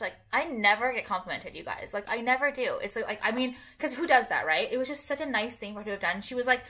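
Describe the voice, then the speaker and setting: A woman's voice: on the high side, lively intonation, fast talker, bright, forceful tone. A young woman vlogging casually to camera while doing her makeup, rambling with lots of fillers and casual swearing.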